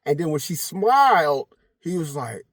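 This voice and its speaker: Middle-aged male vlogger, husky and lively, swears freely, storytelling, dry close sound. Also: fairly high pitch, unhurried, no echo. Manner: animated, swears freely, slips into voices of people in his story. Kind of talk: casual storytelling to camera.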